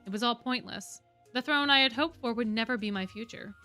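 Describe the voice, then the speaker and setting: A woman's voice: a little high, brisk, pushed and bright, faint music behind. Woman voicing a bitter young lion prince. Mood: bitter, brooding. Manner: bitter, weary inner monologue. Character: brooding defeated young lion beastman prince.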